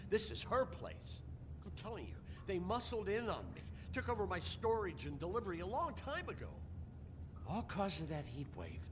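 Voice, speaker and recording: An actor playing a nervous, defensive butcher in a game, stammering and pleading. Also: male voice, high voice, background noise. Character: nervous middle-aged male butcher, whiny and defensive.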